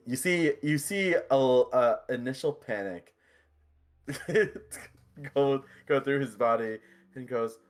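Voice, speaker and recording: A man's voice: medium pitch, takes it slowly. A man playing a character in a tabletop game, describing his character's actions and speaking lines in character, laughing often. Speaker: player.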